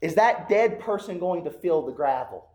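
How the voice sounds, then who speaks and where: A man's voice: a little high, animated, moderate pace, a little mellow. A man preaching a sermon with an emphatic, repetitive cadence, apparently in a church sanctuary.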